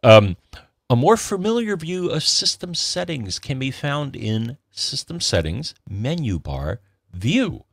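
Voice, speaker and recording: A man co-hosting a casual tech podcast, relaxed as he reads listener messages aloud. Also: medium pitch, slow pace, creaky, no echo, clean studio sound. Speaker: podcast co-host.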